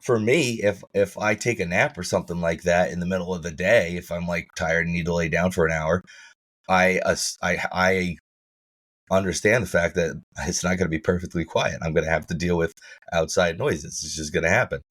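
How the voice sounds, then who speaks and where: A man co-hosting a podcast in casual chat, his voice rough and froggy from feeling unwell, rambling and restarting sentences. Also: deep voice, steady tone, fairly quick, fairly bright tone. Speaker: podcast co-host.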